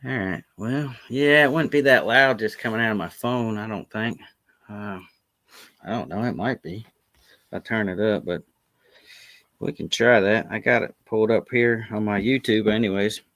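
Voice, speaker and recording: A man, a guest on a live video-call chat who tells stories in an animated, laughing way. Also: lowish voice, moderate pace, no room sound. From Florida Panhandle, US. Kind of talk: casual live-stream chat. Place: remote, joining a video call.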